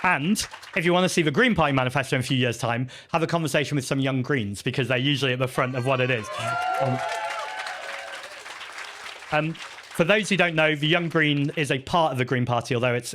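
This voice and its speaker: A man fielding audience questions at a live festival Q&A, his voice at an ordinary middle pitch. He talks in an earnest, chatty way, often pausing on "um" and restarting his sentences, and pokes gentle fun at himself. A faint murmur of the crowd sits behind him. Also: slight background noise. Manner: earnest, chatty, self-deprecating, frequent ums and restarts. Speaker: party leader answering audience questions.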